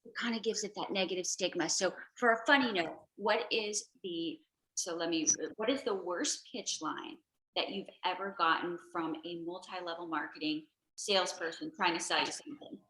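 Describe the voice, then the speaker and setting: A woman hosting a casual chat, effusive and emotional, chatty and quick to laugh. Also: lowish voice, pushed and bright, slight background noise, low-quality recording. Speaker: host, interviewer.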